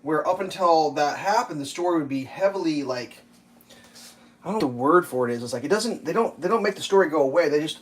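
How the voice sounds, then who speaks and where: Talking fast in a slightly high, expressive voice, a man hosts a casual cooking livestream full of rambling, profanity, and filler words. The audio is low quality with a little hiss or hum, and kitchen clatter sounds faintly behind him.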